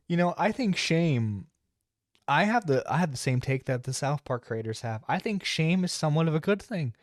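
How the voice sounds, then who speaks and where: Dude reacting to clips, talks slow, laughs a lot, dry close mic. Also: male voice, a little high, sing-song, dry recording. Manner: mocking, laughing, crude. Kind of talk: reaction commentary.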